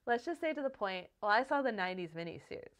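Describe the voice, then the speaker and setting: A woman's voice: mid-range voice, quick pace. A woman in her thirties co-hosting a book podcast, chatting casually, swearing freely and acting out the voices in the stories she retells. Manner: animated storytelling, swears freely, acts out quoted voices. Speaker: podcast co-host.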